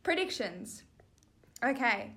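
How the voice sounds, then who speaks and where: Teasing, lively woman. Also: a little high, takes it slowly, a little hiss or hum. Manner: teasing, playful. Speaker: podcast co-host. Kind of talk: casual chat.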